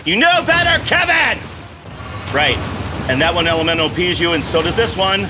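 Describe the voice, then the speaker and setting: A middle-aged man giving excitable gameplay commentary, exclamatory and self-mocking, swearing freely. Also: sits high, normal speed, over music. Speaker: gaming channel host playing while his son coaches.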